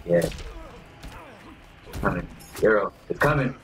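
A man giving excitable, swearing live commentary while playing a fighting game, reacting loudly to every move. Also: lowish voice, a little slow. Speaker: gamer.

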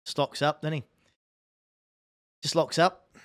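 A man giving live commentary on his own racing game run, reacting out loud and talking to his chat. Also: a little high, little pitch movement, slow pace, dry recording, studio quality. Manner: reactive, exclaiming, talks to chat. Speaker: sim racing streamer. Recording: voice over racing game engine noise.

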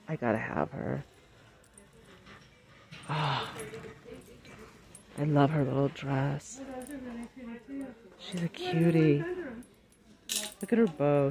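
A woman vlogging as she shops in a large store, talking excitedly and chattily about prices on a handheld phone. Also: sits low. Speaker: shopping vlogger. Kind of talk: casual shop-with-me commentary.

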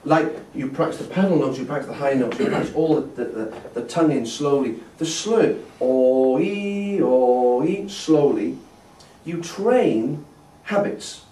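A man's voice: medium pitch, expressive, moderate pace, darkish tone, a little hiss or hum. A man teaching a brass masterclass, patiently explaining and demonstrating tonguing syllables. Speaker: brass instructor. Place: festival hall. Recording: echoey hall from a distance.

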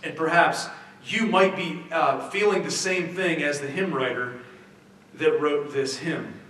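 A pastor with a fairly high, fairly bright voice delivers a conversational sermon at a measured pace in a church sanctuary, often restarting and asking rhetorical questions. It's recorded from a distance in a very echoey hall, with a little hiss or hum.

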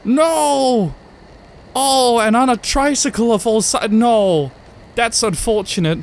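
A young man commentates a horror game let's play, shrieking and swearing at frights and joking to himself as clear game music and sounds play below. His voice is very high-pitched and he takes it slowly, with a little hiss or hum in the recording.

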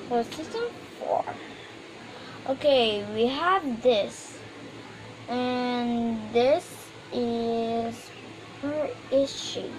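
A woman casually chatting through a toy unboxing, rambling and hesitant with many fillers. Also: sits high. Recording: noisy room background.

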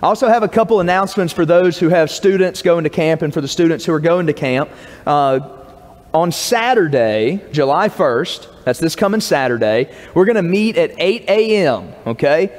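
A man's voice: fairly high pitch, expressive, normal speed, big-room sound. A man, a pastor telling a joke and giving announcements in a folksy, casual way from the pulpit of a church. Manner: folksy, casual storytelling with filler words. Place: church sanctuary.

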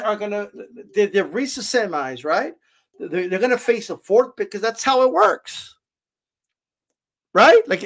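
A man's voice: extremely high pitch, fairly bright tone. A man hosting a reaction commentary who argues his point hard and keeps asking "right?". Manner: argumentative, keeps repeating "right?". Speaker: channel host reacting to a clip.

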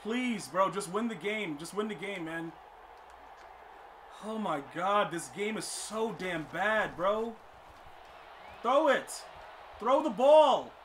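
A high-pitched man with a very bright, sharp voice calls his football video game live for his stream. He grumbles, questions his chat and swings into exasperated shouts. A faint hum of noise sits under his voice. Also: slow. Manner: exasperated, talks to chat, frequent outbursts. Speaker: gaming streamer. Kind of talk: live gameplay commentary.

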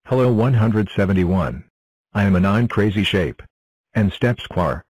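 Number block for a cartoon, male voice, low and dry, stiff self-introductions. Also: measured pace, no room sound, rough recording. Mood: plain. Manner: announces itself in short flat sentences. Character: cheerful talking number block.

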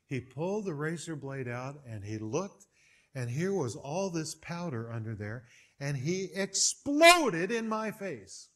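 A man preaching a sermon, telling stories with big swings in pitch and loudness. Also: big pitch swings, unhurried. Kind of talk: sermon with storytelling.

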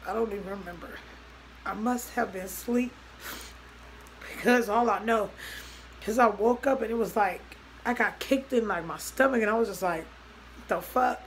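A woman's voice: mid-range voice, moderate pace, long pauses, slight background noise, poor audio. A young woman vlogging a personal story, talking loosely and acting out both sides of each conversation. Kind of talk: storytime vlog.

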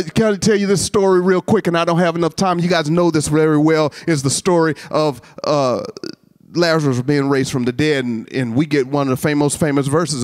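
Male chapel preacher, middle-aged, high-pitched, dramatic hushed-to-shouting delivery. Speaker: chapel speaker. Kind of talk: sermon. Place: college chapel.

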